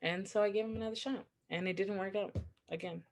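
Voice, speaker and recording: A woman's voice: medium pitch, steady tone, fast. A woman co-hosting a podcast, telling a story in a chatty, candid way, full of "like" fillers and self-mocking asides. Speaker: podcast co-host. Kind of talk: casual storytelling chat.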